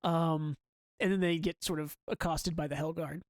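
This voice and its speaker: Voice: mid-range voice, fairly even intonation, normal speed, no echo, studio quality. A podcast co-host in a casual manga book-club discussion. They talk eagerly and keep reading out the characters' dialogue between their own comments.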